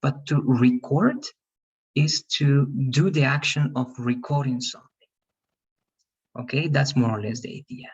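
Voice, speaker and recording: Husky-voiced man teaching an online class. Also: medium pitch, fairly even intonation, moderate pace, lo-fi sound. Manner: patient, repeats okay and right, calls on students by name. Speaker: English teacher.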